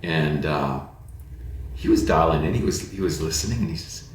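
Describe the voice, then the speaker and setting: A man's voice: a bass voice, normal speed, slight background noise. Man telling stories in an echoey room. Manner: lively anecdotal, jokey asides. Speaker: guest pastor. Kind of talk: casual storytelling conversation.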